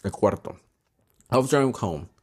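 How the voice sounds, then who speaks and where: Podcast guy ranting casually, swears a lot, drops in spanish words, lowish voice. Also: lively intonation, normal speed, a little mellow, breathy edge. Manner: chatty, swears often, slips Spanish words in. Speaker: podcast host. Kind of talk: casual storytelling monologue.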